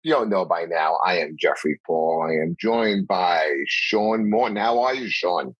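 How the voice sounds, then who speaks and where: A man's voice: low voice, unhurried, breathy edge, dry recording, highs cut off. A man hosting a casual podcast chat who often stumbles, restarts and laughs along. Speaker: podcast host.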